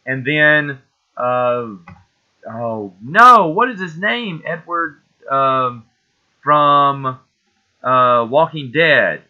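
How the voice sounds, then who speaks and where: A man's voice: medium pitch, lively intonation, very slow, phone-quality sound. A man hosting a casual solo movie show, talking with enthusiasm and rambling as he fishes for names. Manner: enthusiastic, rambling, loses names mid-sentence. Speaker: host.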